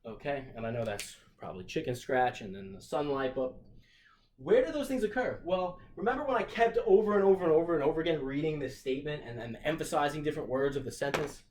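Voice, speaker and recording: A middle-aged teacher records a math lesson, working through a problem for his class and thinking aloud with many fillers and restarts. He talks fast with lively intonation in a fairly high, darkish voice, and there's slight background noise.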